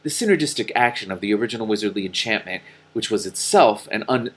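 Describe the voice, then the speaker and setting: A man's voice: medium pitch, breathy edge. A man voicing an earnest, long-winded male magician who lectures in wordy sentences.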